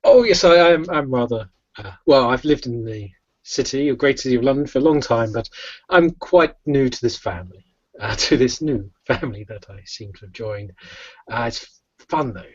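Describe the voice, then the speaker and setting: A man plays a polite male vampire with old-fashioned courtly manners, speaking formally with small hesitations. His voice sits at a middle pitch and is a little husky. The recording is dry and muffled. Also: lively intonation, moderate pace, no room sound, lightly acted.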